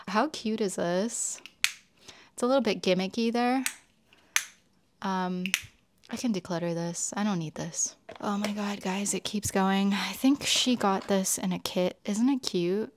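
A woman's voice: mid-range voice, slow, noisy background. A young woman beauty vlogger in casual chat to camera, chatty and exclaiming as she talks through each item.

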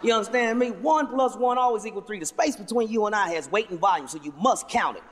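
Profane, high-voiced male stand-up comic. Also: fast talker. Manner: profane, loud, animated storytelling. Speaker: stand-up comedian. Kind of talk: stand-up comedy. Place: large venue with audience. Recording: live hall with loud crowd.

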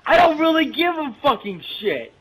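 Give me an enraged teenage boy yelling into a gaming headset. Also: very high voice, sing-song, normal speed, poor audio. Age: teens. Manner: yelling, swearing constantly, furious. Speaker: gamer in voice chat. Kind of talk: angry rant in game voice chat.

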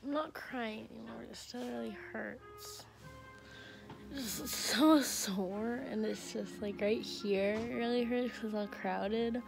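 A woman's voice: fairly high pitch, slow pace, gravelly, music in the background. A young woman vlogging casually, whiny and complaining, talking with a sore mouth from new braces. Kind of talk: casual vlog talk to camera.

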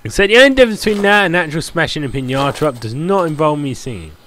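His voice fairly high and fairly bright, this man commentates animatedly and fast on a building game he's playing. The talk is casual, chatty and rambling, full of "like" fillers, over slight background noise.

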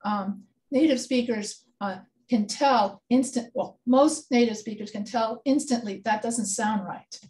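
A woman's voice: on the high side, unhurried, hardly any pauses, darkish tone. Woman instructor explaining grammar rules. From Texas. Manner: explanatory, checks in with students. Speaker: writing instructor. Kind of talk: online class lecture.

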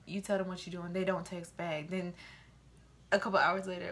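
A young woman vlogging casually to her camera, telling animated stories and acting out the voices of the people in them. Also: on the low side, brisk, a little hiss or hum. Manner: animated storytelling, quoting voices.

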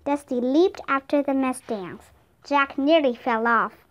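Slow, careful woman storyteller. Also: high voice. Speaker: storybook reader. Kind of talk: scripted narration.

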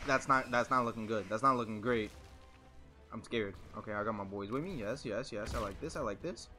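A young man commentating his own video game match live, excitable and laughing, swearing and trash-talking as he plays. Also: on the low side, a little fast, soft background music. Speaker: gaming streamer.

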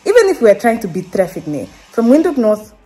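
Her pitch swings hugely and sits on the high side as the young Namibian vlogger speaks briskly and warmly to camera at home, faint music behind her. The talk is emotional and rambling, with fillers and restarts.

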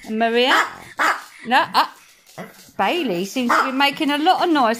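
High, sing-song woman scolding her dogs. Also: expressive, measured pace, long pauses, background noise. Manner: mock-scolding, sing-song baby talk to pets. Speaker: dog owner.

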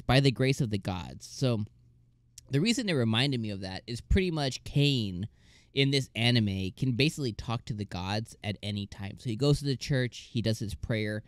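A man's voice: lowish voice, no room sound, clean studio sound. A man casually reviewing an anime episode, laughing often and acting out scenes in comic voices.

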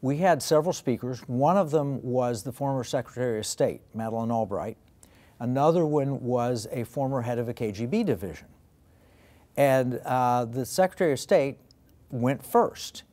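A man's voice: medium pitch, lively intonation, normal speed, warm tone. A man hosting an interview, telling a story in a conversational way. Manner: anecdotal, conversational. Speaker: host.

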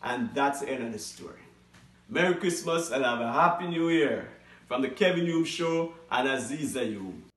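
A man hosting his show, telling a folktale in a lively, animated way. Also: medium pitch, normal speed. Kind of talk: holiday folktale storytelling. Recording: roomy echo, mic at a distance.

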